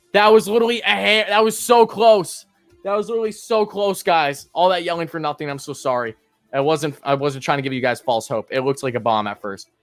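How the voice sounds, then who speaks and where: A man doing live play-by-play fan commentary, chatting with his viewers and swinging between calm pitch calls and loud outbursts. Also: no room sound.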